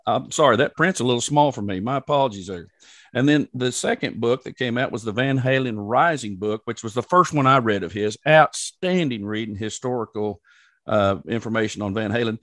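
A man's voice: medium pitch, a little fast, a bit bright, no room sound, clean studio sound. Folksy Southern-accented male host. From Oklahoma. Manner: folksy storyteller, laughs often. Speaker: podcast host. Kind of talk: casual interview chat.

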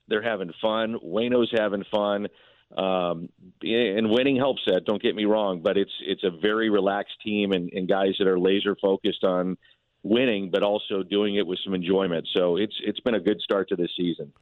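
A man with a fairly low voice talks baseball as a radio guest. His delivery is conversational and loose, and he restarts his sentences. He calls in over a tinny, dry phone line. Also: fairly even intonation, normal speed, no room sound. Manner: conversational, lots of fillers and restarts. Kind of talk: casual sports radio chat.

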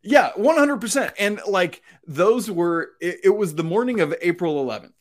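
A man with a somewhat higher voice co-hosting a casual sports chat. He talks loosely and chattily, often laughing at his own slips. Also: expressive, moderate pace. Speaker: podcast co-host.

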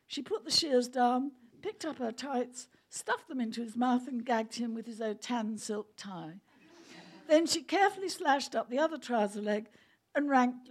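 A woman reading a story aloud, amused and often breaking into laughter. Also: a little high. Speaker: reader.

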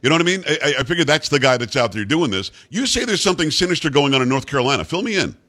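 A brash man hosting talk radio speaks quickly and bluntly, jumping in on his guest. His pitch swings widely as he builds his points, from a middle-range base. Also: lively intonation, bright, forceful tone. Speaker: radio talk show host.

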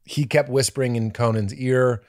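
Animated storytelling man. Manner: animated, quick storyteller with bursts of high-pitched impressions. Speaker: comedian guest. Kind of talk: podcast conversation, storytelling.

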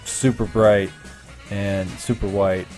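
A man with a lowish voice talking casually about his fellow podcasters. He jokes around and laughs easily. Faint music plays under him. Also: steady tone, slow pace, a little mellow. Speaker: podcast co-host, tech operator. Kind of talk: casual interview remarks.

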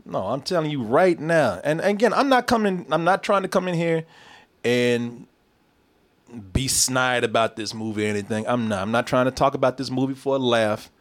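A man's voice: mid-range voice, moderate pace. A man casually reviewing a movie with a co-host, joking, swearing and laughing often. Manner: animated, laughing, swearing, does mock voices.

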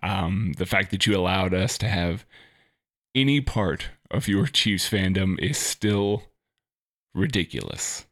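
A man's voice: low-pitched, takes it slowly, a bit bright. A man co-hosting a podcast, talking casually and sincerely to listeners. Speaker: podcast co-host.

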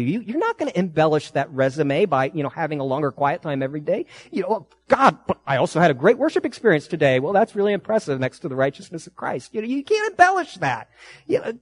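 Animated, higher-voiced male preacher. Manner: conversational, animated preaching with emphatic rises. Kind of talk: sermon.

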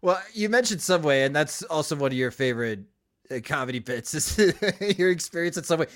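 A man's voice: on the high side, lively intonation, fairly quick, fairly bright tone. A man co-hosting a podcast, asking the guest friendly questions in casual chat. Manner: asks friendly questions about the guest's comedy. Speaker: podcast co-host.

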